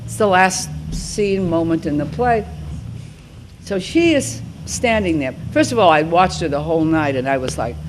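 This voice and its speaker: A woman in her seventies speaking to high school students as a guest, talking informally and rambling with frequent restarts. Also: animated, moderate pace, noisy background. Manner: rambling, restarts mid-thought. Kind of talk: informal talk and Q&A.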